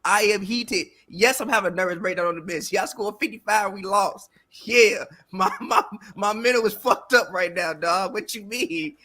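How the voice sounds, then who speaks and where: A man with a high, bright voice talking basketball on a casual podcast. He argues in an animated, slangy way, circling back to the same lines again and again. His tone stays sharp and forceful. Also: normal speed, hardly any pauses. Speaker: podcast co-host. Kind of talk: casual sports debate.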